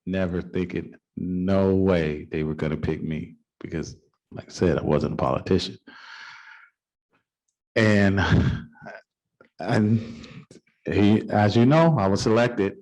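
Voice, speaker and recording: A middle-aged man who serves on the city council tells a folksy, informal anecdote during a council meeting. His voice is deep with a darkish tone, and he speaks slowly, pausing often.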